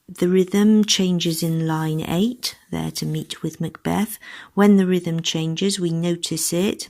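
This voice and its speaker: A woman's voice: on the low side, steady tone, takes it slowly, darkish tone. A woman giving lesson guidance to teachers, moving between instructions and read-aloud English model answers. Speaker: teacher trainer.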